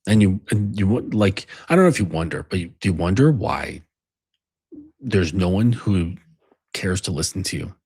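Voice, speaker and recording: A man's voice: low-pitched, lively intonation, normal speed, creaky, darkish tone, slightly rough, dry recording, clean studio sound. A man delivering a rambling, profane monologue as a men's coach. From United States. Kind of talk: casual monologue.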